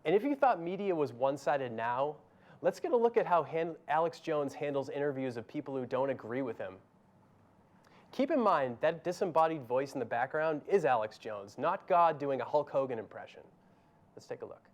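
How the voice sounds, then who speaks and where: A man with a somewhat high voice hosts a comedy show. He reads his scripted commentary with dry, sarcastic asides. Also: animated, normal speed, a little mellow. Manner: dry, sardonic delivery.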